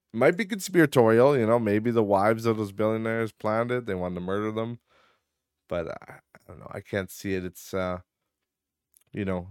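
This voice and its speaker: A man's voice: low-pitched, clear, resonant tone, dry recording, clean studio sound. A man hosting a podcast in casual rambling chat, swearing and laughing often, sounding tired. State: tired, yawning. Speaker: podcast host.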